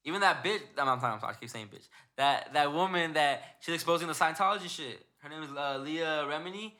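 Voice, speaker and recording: Fast-talking bright young man rambling. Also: fairly high pitch. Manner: rambling, profane, retells stories with put-on quotes. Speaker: podcast host. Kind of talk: casual chat.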